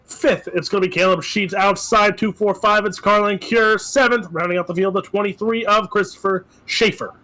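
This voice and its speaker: High-voiced man calling a sim race. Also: steady tone, sharp tone, rough recording. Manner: joking, quick play-by-play calls. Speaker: race commentator. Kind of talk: sim racing play-by-play commentary.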